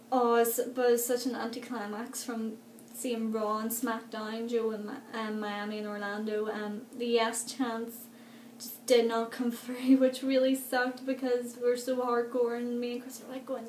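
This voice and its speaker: A young woman, chatting excitedly in a casual vlog, full of fillers. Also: on the high side. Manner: chatty and gushing, many fillers, laughs often. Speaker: vlogger. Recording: echoey room with faint background noise.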